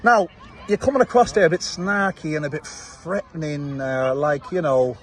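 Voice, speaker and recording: A man's voice: on the high side, moderate pace, a little hiss or hum. A man from Manchester with a Manchester accent, a fight promoter recording a confrontational reply video outdoors and taunting with repeated "yeah?". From Manchester, England. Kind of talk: direct-to-camera reply video. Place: outdoors, watching football.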